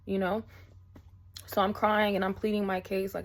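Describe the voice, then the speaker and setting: Woman vlogger, mid-pitched, casual storyteller who rambles with fillers. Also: flat delivery, moderate pace. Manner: chatty, rambling, many fillers.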